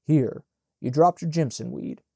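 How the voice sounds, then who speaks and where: A man's voice: a little high, measured pace, creaky, warm tone, slightly rough, no echo, studio quality, heavily acted. A man doing Luster, a scolding teenage servant. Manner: chiding, folksy Southern dialect.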